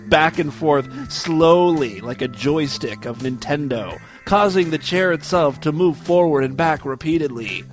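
Irreverent man reading aloud, slightly high. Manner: irreverent, laughs at own material. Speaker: podcast host. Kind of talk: comedic reading of tweets and an erotic story.

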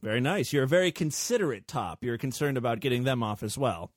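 Male podcast host, wry and teasing, mid pitch, dry close sound. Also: animated, quick pace, dry recording. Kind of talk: casual podcast interview.

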